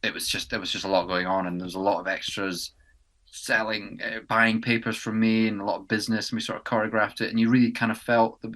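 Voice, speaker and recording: Young English man, bright chatty tone. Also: lowish voice, flat delivery, fast. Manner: rambling, many ums and restarts. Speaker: podcast co-host and actor. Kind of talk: casual chat. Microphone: podcast mic indoors.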